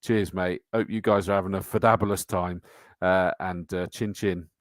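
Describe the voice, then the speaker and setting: Middle-aged host, matey and chatty, slightly low voice, dry close sound. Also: male voice, fairly even intonation, moderate pace, no room sound. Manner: chatty, matey, reads out comments and entry lists. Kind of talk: live-stream chat reading viewer comments.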